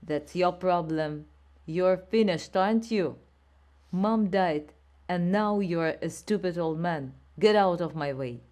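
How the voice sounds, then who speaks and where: A woman's voice: fairly low pitch, takes it slowly. A woman voicing a hot-headed, aggressive young man in an audiobook. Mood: furious. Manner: shouting, aggressive.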